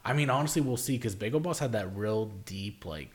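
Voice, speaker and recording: In a lively, mid-range voice that runs a little fast, this young podcast co-host keeps things casual. His talk wanders, is peppered with profanity, and is stuffed with "like."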